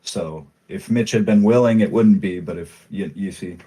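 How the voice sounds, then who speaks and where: A man running a tabletop role-playing game as game master, describing scenes in a relaxed, halting way with many fillers. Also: low-pitched.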